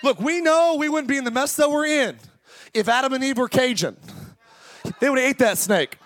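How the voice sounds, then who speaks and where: A male pastor preaching an impassioned sermon that swings between fast talk, slow drawn-out words and shouting. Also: very high-pitched, dry recording. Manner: impassioned preaching, often shouting, sudden speed changes. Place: church service.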